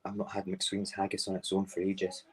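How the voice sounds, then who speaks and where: A man's voice: sits low, completely flat delivery, normal speed, very noisy. A man from Edinburgh with a Scottish accent, hosting a casual morning live stream and chatting while he cooks and eats. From Edinburgh, Scotland. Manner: rambling, chatty, talks while cooking and eating.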